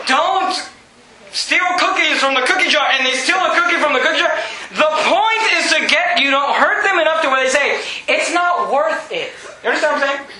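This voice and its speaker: Very high-voiced, bright male preacher. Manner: emphatic preaching, often shouting, chuckling. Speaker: pastor. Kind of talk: sermon. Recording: roomy echo.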